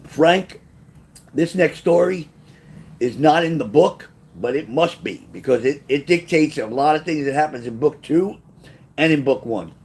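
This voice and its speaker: A man's voice: a little high, animated, measured pace, a little mellow, breathy edge. Rambling New man telling stories. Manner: rambling, digressive, blunt and profane. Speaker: author telling his life story. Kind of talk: casual spoken memoir storytelling.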